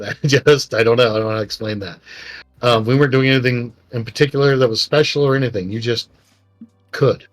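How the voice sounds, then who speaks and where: Middle-aged male co-host, rambling emotional storyteller, mid pitch, light music bed. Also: fast. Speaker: podcast co-host. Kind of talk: casual storytelling chat.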